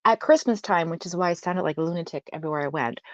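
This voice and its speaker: A woman in her late forties chatting casually with a friend, telling stories in an animated way and laughing often. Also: on the low side, fast, dry recording, dull audio. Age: 40s. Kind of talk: casual chat.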